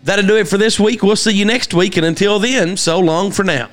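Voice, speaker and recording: Male podcast host, slightly high-pitched, loose and meandering, filler-heavy delivery. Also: steady tone, fairly quick, faint music behind. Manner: rambling with many fillers and restarts. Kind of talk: casual chat and show shout-outs.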